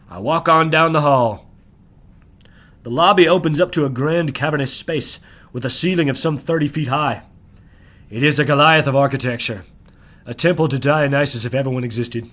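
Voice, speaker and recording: Give me a man with a slightly high voice reading his novel in a measured, first-person way. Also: a bit bright.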